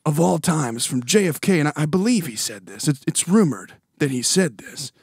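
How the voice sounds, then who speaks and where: A man's voice: on the high side, expressive, brisk, vocal fry, a little mellow, slightly rough, dry recording. A young man co-hosting a podcast, teasing his friend and laughing often in casual chat. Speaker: podcast co-host.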